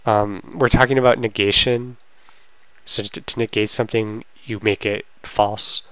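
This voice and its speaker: A man teaching a language lesson in a relaxed, casual way, with frequent fillers and restarts while he talks over slides. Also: fairly low pitch, measured pace, clean tone, no echo, rough recording. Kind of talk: casual screen-recorded lesson.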